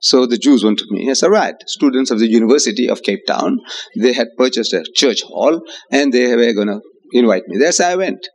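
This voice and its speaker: An older man with a South African accent giving a religious lecture to an audience, acting out quoted voices with rising pitch. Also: animated, a little fast. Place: hotel lecture hall with audience.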